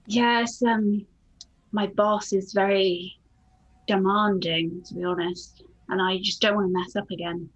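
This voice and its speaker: A woman playing a tabletop role-playing game, speaking in halting, trailing phrases. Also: medium pitch, steady tone, dull audio. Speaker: player.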